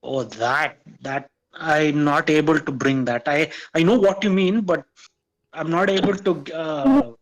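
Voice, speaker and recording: A man's voice: on the high side, unhurried, poor audio. A man joining a live stream as a viewer, talking hesitantly with lots of stammers and fillers. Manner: hesitant, stammering, many uh's. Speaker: viewer guest. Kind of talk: casual stream chat.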